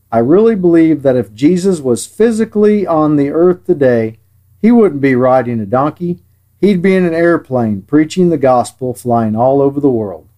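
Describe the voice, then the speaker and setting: Mellow-voiced man preaching a sermon. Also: mid-range voice. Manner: measured, earnest, dryly sarcastic at times. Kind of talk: sermon read from a script.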